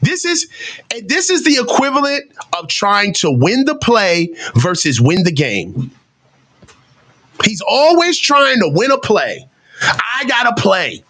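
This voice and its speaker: Brief: male fan commentator, high and animated, swearing and ranting at the coach. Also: slow pace. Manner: profane, exasperated, rants and mocks the coach; excitable, voice jumps up when shouting. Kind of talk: live game reaction commentary.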